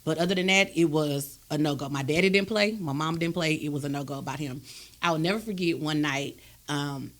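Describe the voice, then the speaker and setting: A woman, hosting a podcast and telling a personal story in a candid, animated, emphatic way. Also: deep voice, fairly quick. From Texas, USA. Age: adult, raised a grown son. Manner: emphatic and animated, with frequent "do you understand me?". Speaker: podcast host.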